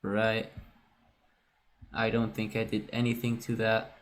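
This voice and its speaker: Man, music producer, slow, flat delivery, casual, keeps saying right. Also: lowish voice. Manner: casual and self-correcting, often says "right". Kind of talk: screen-recorded production walkthrough.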